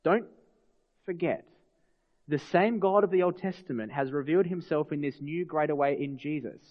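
Earnest pastor preaching in a hall. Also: male voice, fairly high pitch, moderate pace. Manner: earnest, asks the congregation rhetorical questions. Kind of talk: sermon. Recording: long hall reverb, dull lo-fi sound.

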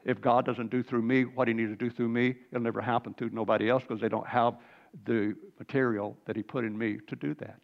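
An older man in his sixties recounts a spiritual testimony with earnest fervor. He often clears his throat and repeats himself. His voice has a gravelly edge, and the recording sounds muffled and lo-fi. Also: mid-range voice, level tone, a little fast. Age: 60s. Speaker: Christian speaker sharing a testimony.

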